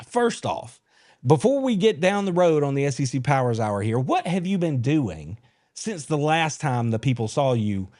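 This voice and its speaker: A man's voice: medium pitch, very animated, normal speed, a little mellow. A man hosting a live sports podcast, talking in a folksy, teasing way. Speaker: podcast host. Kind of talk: casual live show chat.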